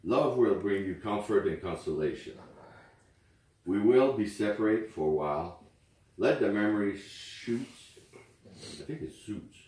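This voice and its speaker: A man whose first language is French, reading memorial poems aloud at a wake in a slow, earnest way. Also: on the low side, animated, a little mellow. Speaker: speaker at a wake. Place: memorial gathering indoors. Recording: very echoey room, far from mic.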